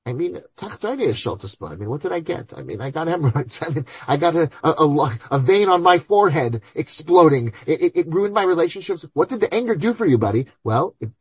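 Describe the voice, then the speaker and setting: A man answering listeners' questions on ethics, animated, acting out imagined voices and mixing in Hebrew and Yiddish terms. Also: a little high, quick pace, few pauses, slightly rough, no echo, highs cut off. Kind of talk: Q&A talk on Torah ethics.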